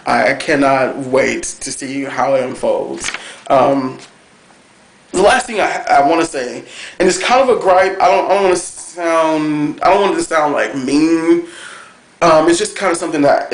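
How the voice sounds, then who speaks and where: A man reviewing a cartoon episode on camera, talking in a gushing, excitable way with plenty of fillers. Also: fairly high pitch, measured pace. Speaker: TV review vlogger. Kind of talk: casual chat review. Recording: echoey room.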